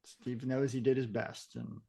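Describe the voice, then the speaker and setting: A man co-hosting a podcast who talks about comics in a halting, casual way. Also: medium pitch, level tone, vocal fry, warm tone, husky. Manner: halting, with fillers and restarts. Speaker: podcast co-host. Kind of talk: casual comic book chat.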